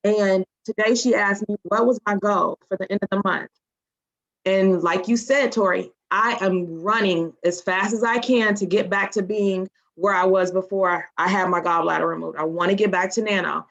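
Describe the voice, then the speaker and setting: A woman's voice: medium pitch, fairly even intonation, moderate pace, gravelly, fairly bright tone. Earnest woman, dull lo-fi sound. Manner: earnest, emotional. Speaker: team member. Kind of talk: personal testimony on a group call.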